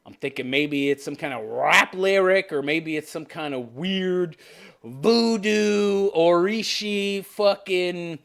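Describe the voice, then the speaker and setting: A man's voice: high voice, slow, vocal fry, a bit bright, smooth. A man in his fifties hosting a ranting commentary show, mocking and profane, often breaking into laughter. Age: 50s.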